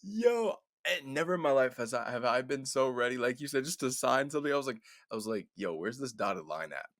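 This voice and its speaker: A young man in his twenties, co-hosting a podcast and telling a story in casual chat, animated, laughing and repeating "I was like". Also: medium pitch, a little fast, no room sound, studio quality. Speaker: podcast co-host.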